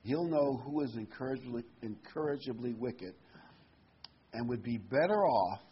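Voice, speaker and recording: A male preacher works through scripture verse by verse, drifting into folksy asides. His voice is husky, sits at a middle pitch, and the recording sounds dull and lo-fi. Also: expressive, normal speed. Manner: conversational, folksy, digressive. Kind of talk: sermon.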